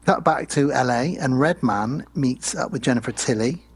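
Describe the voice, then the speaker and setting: A man's voice: medium pitch, moderate pace, slightly rough, faint music behind. A man co-hosting a podcast, recapping a horror film in a chatty, rambling way. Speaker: podcast co-host.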